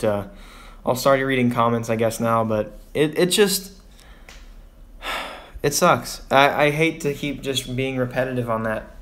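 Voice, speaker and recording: A man's voice: mid-range voice, fairly bright tone. Frustrated young man venting on a livestream. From Texas. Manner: frustrated, rambling, sighing. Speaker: vlogger on a livestream.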